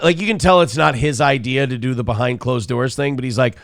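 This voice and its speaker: A man's voice: mid-range voice, fairly quick, creaky, few pauses, no room sound, studio quality. A sick, cranky man hosting a live morning show, crude and profane, mocking others with put-on voices. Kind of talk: profane live-stream commentary.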